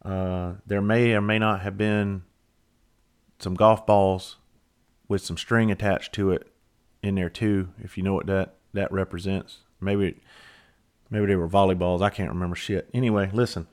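Low-voiced man telling a story. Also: fairly even intonation, measured pace. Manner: loose, profane, rambling and self-mocking. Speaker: podcast host. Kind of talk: casual storytelling.

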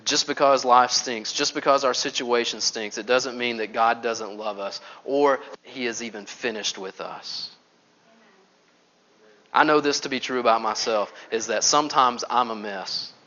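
A man preaching a sermon, telling stories with animated swings from loud to hushed. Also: mid-range voice, measured pace, lo-fi sound. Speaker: pastor.

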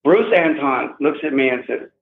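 A man's voice: mid-range voice, moderate pace, creaky. A man in his sixties, an interview guest, telling his own story in an emphatic, agitated way and repeating himself. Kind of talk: emotional first-person account. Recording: tinny phone line with echo.

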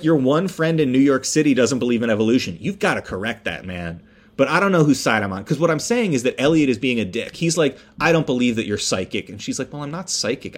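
A man hosting a podcast, recapping a film in a rambling, animated way, with many fillers, restarts and swear words. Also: mid-range voice. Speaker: podcast host. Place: indoors, construction noise nearby.

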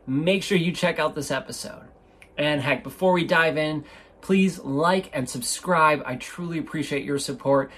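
A man with a slightly high, fairly bright voice speaks at normal speed on his solo podcast. Casual and enthusiastic, he rambles and keeps restarting sentences, recorded on a studio microphone in an indoor room.

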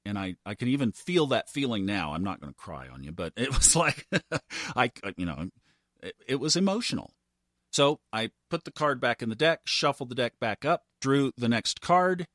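A man in his fifties hosts a podcast and tells a personal story in a monologue. He is earnest and builds to animated emphasis. His voice sits mid-range and sounds dry and close. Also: mid-range voice, normal speed, no echo. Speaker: podcast host.

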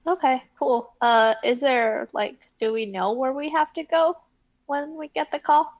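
A woman's voice: high voice, unhurried, dry recording. A woman playing a tabletop game in character, rambling with many fillers. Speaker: player. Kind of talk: casual tabletop role-play. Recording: dull, dry lo-fi mic.

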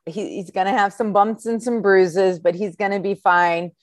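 A woman's voice: normal speed, no room sound. A woman in her forties, a schoolteacher, telling a story in casual chat and acting out the voices of the people in it. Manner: animated, acts out quoted voices with a high exclaiming tone. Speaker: podcast guest telling a story.

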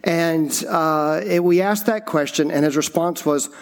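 A man's voice: a little high, measured pace. A middle-aged man, a campus pastor, giving a conversational sermon full of stories and fillers. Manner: conversational, anecdotal storytelling with frequent fillers.

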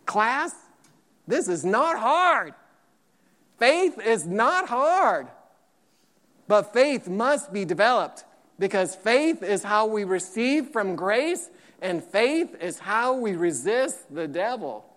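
A man's voice: high-pitched, sing-song, slow. A middle-aged man preaching a fiery sermon as a pastor, calling out to his congregation. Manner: fiery, preaching loudly with call-and-response. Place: church sanctuary. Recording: long reverb of a large hall.

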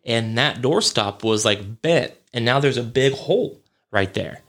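A man's voice: mid-range voice, animated, a little slow, fairly bright tone. A young man hosting a podcast, rambling through a casual story with lots of fillers, swearing and chuckles. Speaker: podcast host.

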